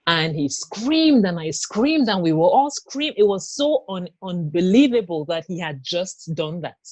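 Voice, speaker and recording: A woman telling her own story in an interview, speaking haltingly with many fillers and restarts. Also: fairly low pitch, very animated, darkish tone, dry recording. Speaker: interview guest. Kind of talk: personal testimony in an interview.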